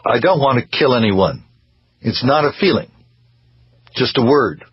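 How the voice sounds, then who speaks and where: A man voicing a depressed middle-aged man who mumbles in a flat, reluctant monotone, in a read-aloud story. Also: medium pitch, measured pace, breathy edge, dull audio. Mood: flat, dull.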